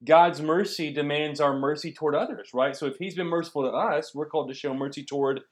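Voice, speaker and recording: A man's voice: fairly high pitch, fairly even intonation, a little fast. A man in his thirties, a pastor teaching a Bible lesson and asking the listeners questions as he goes. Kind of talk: sermon.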